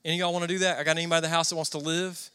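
Bright-voiced Southern man preaching. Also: on the high side, flat delivery, very fast, clean tone. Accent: Southern American. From Southern United States. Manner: storytelling, conversational, asks the crowd questions. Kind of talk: sermon. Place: church before a congregation.

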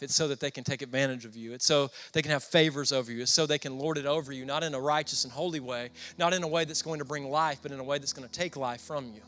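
A man's voice: fairly high pitch, fairly bright tone. A young Southern man with a Southern American accent, preaching a sermon in a storytelling, conversational way and asking the congregation questions. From Southern United States. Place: church before a congregation.

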